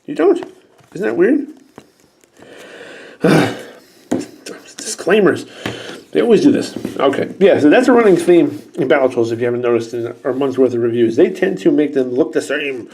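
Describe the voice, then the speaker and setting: Thirties male toy reviewer, warm mellow voice, excitable and wry. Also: mid-range voice, normal speed, pauses often, a little hiss or hum. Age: 30s. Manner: excitable and sarcastic, talks to the toys.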